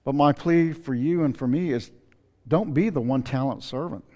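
A man preaching a sermon in an earnest, pleading way, slowing down to stress scripture. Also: medium pitch, a little mellow. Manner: earnest, pleading, reads scripture aloud with slow emphasis. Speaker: pastor. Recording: long reverb of a hall.

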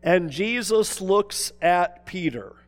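A man with a notably high voice delivers a sermon. He tells the story dramatically, pressing some points hard and dropping to a near-hush on others. His voice carries the long reverb of a large hall. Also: animated, slow, soft background music. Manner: dramatic storytelling, swinging from emphatic to hushed. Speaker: preacher.

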